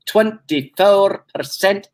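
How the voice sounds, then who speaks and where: A man's voice: high-pitched, slow. Playful man teasing out a reveal. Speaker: guest presenter. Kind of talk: casual chat.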